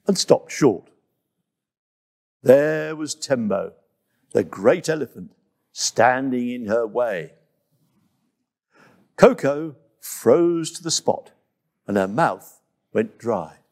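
Man, children's story narrator, slow, gravelly, lively pitch. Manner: expressive, unhurried.

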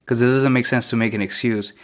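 A young man hosting a solo podcast, talking through his thoughts in a mostly monotone, reflective way, often repeating questions. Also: mid-range voice, quick pace. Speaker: podcast host.

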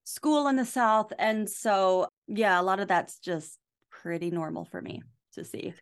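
A woman's voice: medium pitch, animated, a little slow, clear, resonant tone. An American woman co-hosting a podcast in a bubbly, giggly way. She fills her chat with "like" and laughs along as she goes. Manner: bubbly, giggly, says "like" often. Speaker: podcast co-host. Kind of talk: casual chat.

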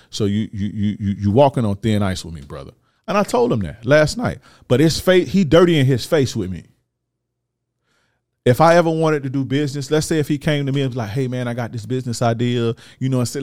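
Clean studio sound with no echo carries a medium-pitched, slightly mellow male voice. He's a Florida host in his thirties offering men life advice in a casual, ranting monologue, blunt and profane in street slang.

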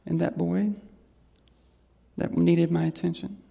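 A trans woman telling a personal story on stage to an audience in a reflective, gentle way. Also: on the low side, level tone, takes it slowly, vocal fry, breathy edge. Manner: reflective and gentle, with soft laughs. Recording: long hall reverb.

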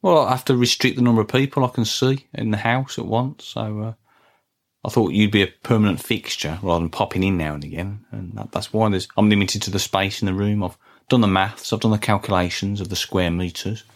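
Deadpan podcast guy, lowish voice, lots of ums and rambling. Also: a little fast. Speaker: podcast host. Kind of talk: comic podcast chat.

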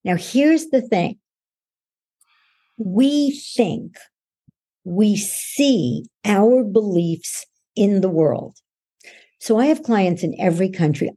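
Woman, podcast guest, coach, gravelly, husky, patient explainer. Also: on the low side, lively intonation, slow, mellow. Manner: patient and instructive, acts out everyday voices to illustrate points. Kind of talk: explanatory interview answer.

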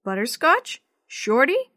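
A woman voicing a young girl who shouts and calls out in a high, strained voice while searching for her lost cat. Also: wildly swooping pitch, takes it slowly, no room sound, clean studio sound, exaggerated voice. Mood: frantic. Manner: cries out high and loud.

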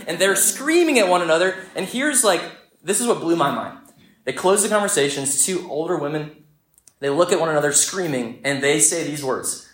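A young man preaching a sermon, telling a story in a lively, conversational way. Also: a little high, a little fast. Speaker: pastor. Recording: echoey church room.

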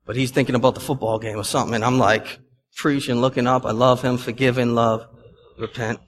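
A man's voice: mid-range voice, fairly even intonation, a little fast. A young adult male pastor preaching a sermon in a conversational, emphatic way, with asides to the congregation. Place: church sanctuary. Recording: long reverb from a church hall.

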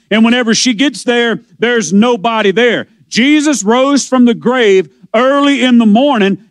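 High-voiced preacher with drawl. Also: male voice, no room sound. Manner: impassioned preaching, slows and swells on scripture quotes. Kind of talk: sermon.

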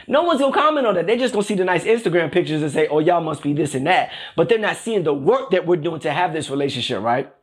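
High-voiced man preaching conversationally. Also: slightly rough. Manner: repeats phrases and keeps asking "right?". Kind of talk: conversational sermon.

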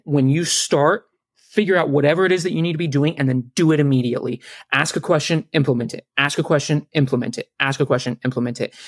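A man's voice: a little high, dry recording. A man from South Carolina, a guest on a podcast, earnestly giving step-by-step advice. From South Carolina, USA. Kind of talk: casual podcast interview.

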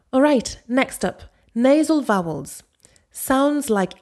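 A woman with a Parisian accent hosts a scripted language-learning podcast. She explains pronunciation clearly and patiently, then demonstrates French phrases herself. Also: medium pitch, lively intonation, a little slow. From Paris, France. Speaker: podcast host and French teacher.

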